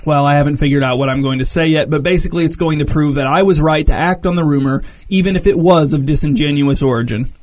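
A man's voice: on the high side, quick pace, few pauses, a little mellow, natural voice. A man reading the lines of a brash, stubborn king who gives blunt orders, in a storybook reading. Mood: commanding.

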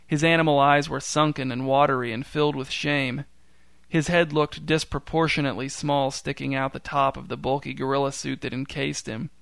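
Male narrator, mid pitch, dry deadpan delivery, clean dry studio read. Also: moderate pace, gravelly, clear, resonant tone, no room sound. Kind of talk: scripted story narration.

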